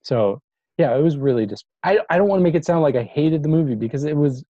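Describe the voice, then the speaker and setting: A man guesting on a movie podcast, chatting in a relaxed, hesitant way with lots of fillers. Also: fairly high pitch, fast, no echo. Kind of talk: casual chat. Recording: dull, dry lo-fi sound.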